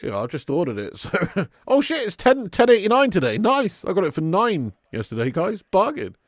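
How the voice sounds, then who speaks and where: Sweary lad hosting a football watch-along. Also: male voice, sits high, wildly swooping pitch, normal speed, no echo, clean studio sound. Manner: sweary, laddish banter with frequent laughs. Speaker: live stream host.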